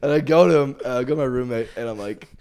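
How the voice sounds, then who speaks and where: A man's voice: medium pitch, fast talker, a crowd in the background. A man in his thirties from Hawaii, a podcast guest and coach, telling a story casually and laughing often. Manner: animated storytelling, breaking into laughter.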